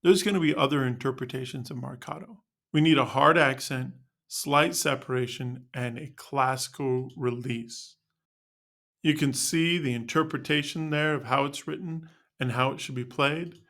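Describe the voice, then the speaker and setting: A man's voice: mid-range voice, normal speed, gravelly, fairly bright tone. A man teaching band students how to end notes, narrating a scripted lesson in an upbeat, explanatory way.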